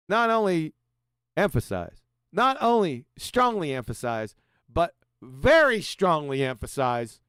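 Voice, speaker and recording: Man, combative livestream host, sarcastic, lively swooping voice, smooth tone. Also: a little high, dry recording, studio quality. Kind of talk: reading and mocking quotes on a livestream.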